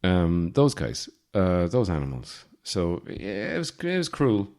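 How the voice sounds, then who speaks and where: An Irish man in his forties, hosting a podcast with a rambling, deadpan comic monologue full of fillers and restarts. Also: low-pitched, unhurried. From Ireland. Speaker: podcast host.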